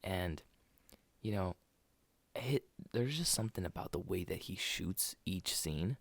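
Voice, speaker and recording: Deep raspy guy rambling about movies on a podcast mic, dry sound. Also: animated, measured pace, dry recording. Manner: rambling, restarts sentences, laughs often. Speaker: podcast co-host. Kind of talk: casual movie chat. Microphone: desk podcast mic.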